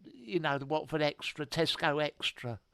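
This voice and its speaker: A woman's voice: low voice, normal speed, creaky, a bit bright, no echo, clean studio sound. A female co-host telling a comic story in chatty improvised banter, swearing casually.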